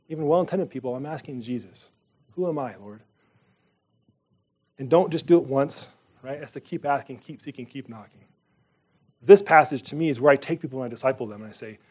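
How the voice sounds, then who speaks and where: A man's voice: a little high, a little mellow. A man preaching a sermon in a casual, conversational way, with emphatic rises in his voice. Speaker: pastor.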